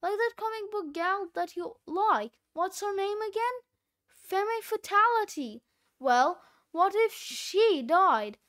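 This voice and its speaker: A woman voicing a sentimental older woman on a school's staff in a storybook read-aloud, speaking softly and lower than her narration. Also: lively intonation, takes it slowly, full character voice. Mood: tearful.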